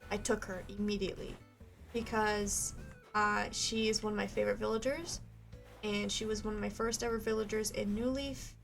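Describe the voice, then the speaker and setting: A woman's voice: mid-range voice, flat delivery, normal speed, creaky, a bit bright, soft background music. A woman in her twenties, a game streamer chatting casually with her live viewers in a rambling way, full of "like" fillers.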